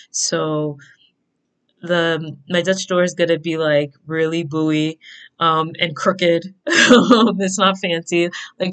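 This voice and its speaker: A woman's voice: fairly low pitch, fairly bright tone. A young woman, chatting casually while planning her bullet journal, rambling through tangents and giggling. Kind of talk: casual plan-with-me chat. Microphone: desk microphone at a computer.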